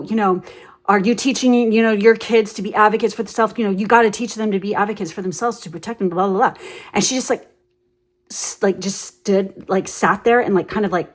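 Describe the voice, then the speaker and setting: A woman giving a casual tarot reading, telling stories bluntly with lots of swearing, "like" fillers and sudden animated outbursts. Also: mid-range voice. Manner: blunt, ranting, swears freely; animated storyteller with many fillers. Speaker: tarot reader.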